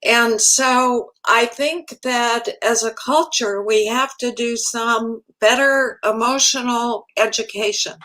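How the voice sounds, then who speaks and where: A woman guest, a hospice chaplain, explaining things in a calm, measured, instructive way. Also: on the high side, poor audio. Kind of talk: talk show interview.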